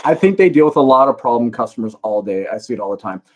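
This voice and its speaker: A man's voice: medium pitch, animated, fast. A Canadian man chatting casually on a live stream, telling rambling stories with lots of fillers. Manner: rambling anecdotes with many fillers. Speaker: reseller vlogger answering live chat.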